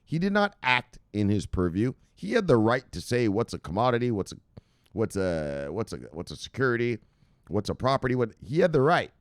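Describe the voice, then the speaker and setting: A man's voice: medium pitch, very animated, fairly quick, no room sound, clean studio sound. A man hosting casual crypto news commentary, reading headlines aloud and rambling off into laughing, profane asides.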